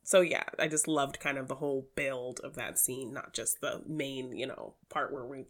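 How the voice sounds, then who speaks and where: A woman co-hosting a casual podcast chat, talking in a relaxed way with many fillers. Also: extremely low pitch, normal speed. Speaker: podcast co-host.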